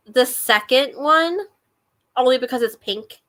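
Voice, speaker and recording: A woman's voice: high voice, a little slow, bright, forceful tone. A woman hosting a book club chat, rambling and giggly, with lots of fillers. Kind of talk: casual chat.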